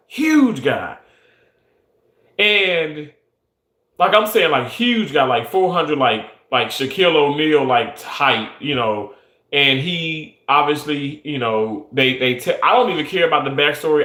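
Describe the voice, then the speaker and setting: A man's voice: a little high, pushed and bright. A young adult man who works in surgery, talking earnestly and emphatically with many restarts. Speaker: surgical technologist. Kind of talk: casual monologue. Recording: echoey room.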